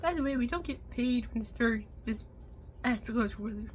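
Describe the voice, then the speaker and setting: A young woman ranting casually in a home vlog, swearing and frustrated, jumping between loud outbursts and low muttering. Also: fairly quick, a little hiss or hum. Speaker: vlogger.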